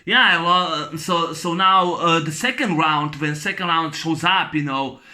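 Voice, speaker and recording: A man's voice: fairly high pitch, measured pace, bright, forceful tone. A man reviewing a film in a rambling, enthusiastic way, with lots of fillers and restarts. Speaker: movie reviewer. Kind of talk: casual spoken film review.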